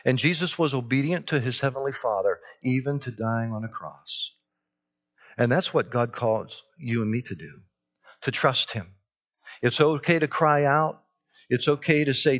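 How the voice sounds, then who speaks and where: A man's voice: mid-range voice, normal speed, fairly bright tone, lo-fi sound. A man preaching a sermon, earnest, who repeats his key phrases and rises into urgent pleas. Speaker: pastor.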